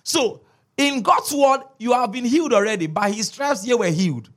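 A man's voice: extremely high pitch, moderate pace, fairly bright tone. A man preaching a sermon as a pastor, emphatic, repeating key words and checking in with his listeners.

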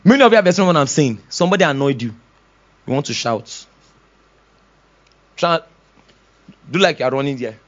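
Animated man preaching a sermon. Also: a little high, brisk, long pauses. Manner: animated preaching, acts out voices, laughs often. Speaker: pastor. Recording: dull lo-fi sound.

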